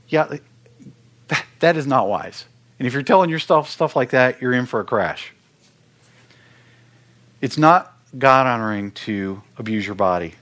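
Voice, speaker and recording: A man's voice: mid-range voice, normal speed, fairly bright tone. A middle-aged man giving an earnest, conversational sermon-style talk, often repeating words as he stresses a point. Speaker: worship ministry speaker.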